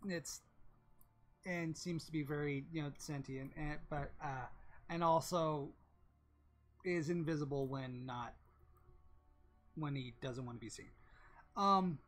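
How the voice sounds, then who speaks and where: A woman narrating a tabletop game as game master, halting and full of restarts. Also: low-pitched.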